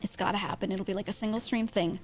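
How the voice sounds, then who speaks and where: A woman's voice: mid-range voice, steady tone, fast talker, soft background music. A woman streamer in casual chat, giggly and full of fillers, her voice strained and irritated. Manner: chatty, giggly, lots of fillers.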